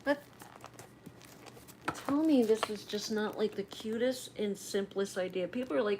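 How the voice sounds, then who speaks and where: A woman's voice: a little high, animated, measured pace, a little hiss or hum. A woman in her fifties chatting on a livestream, rambling and emotional as she tells family stories. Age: 50s. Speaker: livestream host. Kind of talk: casual livestream chat.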